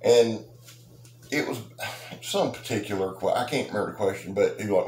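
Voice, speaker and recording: Deep-voiced rambling man. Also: expressive, normal speed. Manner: rambling, joking, folksy and boastful. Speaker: knife channel host. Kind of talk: casual talk to subscribers. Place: outdoors. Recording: roomy echo with faint noise.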